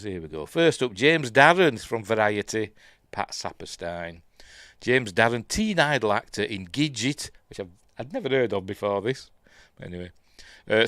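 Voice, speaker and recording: A Yorkshire man with a low voice chats his way through a live news stream, wandering off into muttered asides. His pitch swings a lot as he talks, and the sound is close and dry. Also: a bit bright, dry recording. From Yorkshire, England. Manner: rambling, chatty, breaks off to mutter about the stream.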